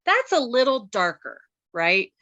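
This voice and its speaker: A woman's voice: a little high, big pitch swings, a little slow, bright, forceful tone, muffled recording. A middle-aged woman, a guest panelist on a film review show, chatting casually in a rambling, storytelling way. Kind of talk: casual chat.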